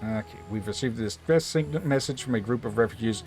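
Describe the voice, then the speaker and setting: A man's voice: medium pitch, fast talker, darkish tone, soft background music. A man casually chatting with friends while streaming a game, reading its text aloud and swearing now and then. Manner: rambling, swears casually, many fillers.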